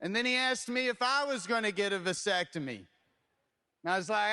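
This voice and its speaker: A man's voice: sits high, animated, fairly quick, sharp tone, clear, resonant tone, long reverb tail. A man doing a dry, self-deprecating stand-up set. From Eastern Kentucky. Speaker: stand-up comedian.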